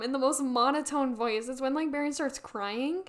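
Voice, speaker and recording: Young woman with a really high voice just rambling and giggling about a show. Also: normal speed. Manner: giggly, filler-heavy rambling. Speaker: podcast co-host. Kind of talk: casual fan chat.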